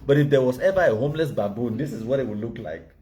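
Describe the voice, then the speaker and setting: A Cameroonian host with a Cameroonian Pidgin English accent banters casually, boasting, mocking, and laughing at his own jokes. His medium-pitched voice is mellow and he talks fast, with slight background noise.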